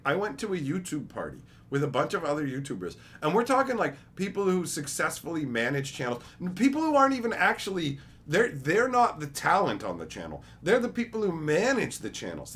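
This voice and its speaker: A man's voice: mid-range voice, a bit bright, slight background noise. A young man chatting casually on a livestream, rambling, joking and swearing freely. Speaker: streamer.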